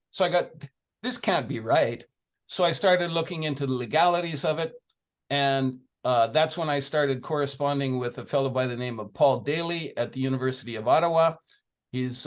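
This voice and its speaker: Interview guest, man, somewhat high voice, relaxed anecdotal storyteller. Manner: chatty anecdotal storytelling, retelling conversations. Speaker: founder of an organization, interview guest. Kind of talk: conversational interview answer.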